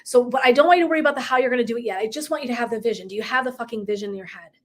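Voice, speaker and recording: A woman's voice: fairly high pitch, rapid-fire. A woman coach giving a live motivational talk, emphatic and profane, who laughs often and acts out little dialogues. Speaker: wellness and life coach.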